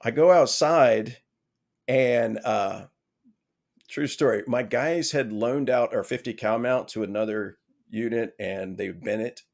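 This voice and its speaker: Man telling a lively self-mocking story. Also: lowish voice. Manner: lively, frequent "right?" asides, restarts; exasperated self-mocking humor. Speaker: podcast guest. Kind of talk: casual storytelling anecdote.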